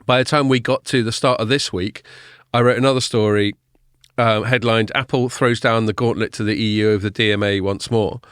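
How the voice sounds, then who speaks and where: A man's voice: lowish voice, fairly even intonation, brisk, a bit bright, clear, resonant tone, no room sound, studio quality. A man hosting a casual podcast chat, talking in a loose, swearing, filler-heavy way. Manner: chatty, swears casually, many fillers and restarts. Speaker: podcast host.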